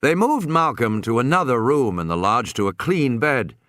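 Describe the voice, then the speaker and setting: Animated man reading an audiobook. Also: mid-range voice, moderate pace, dry recording, studio quality. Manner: expressive, dramatic reading. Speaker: audiobook reader. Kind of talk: scripted narration.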